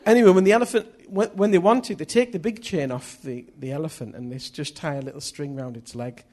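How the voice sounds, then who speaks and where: Man, preacher, sermon, husky voice, casual joking delivery. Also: on the high side, steady tone, fast talker, few pauses, a little mellow. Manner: chatty, jokey, laughs at himself mid-story.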